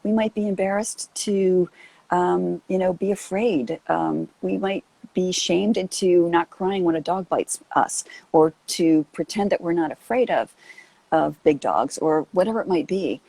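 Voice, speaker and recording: A woman's voice: fairly low pitch, a little slow, gravelly, dark tone, poor audio. A woman hosting a casual live chat on a video call, earnest and rambling with lots of fillers. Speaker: host.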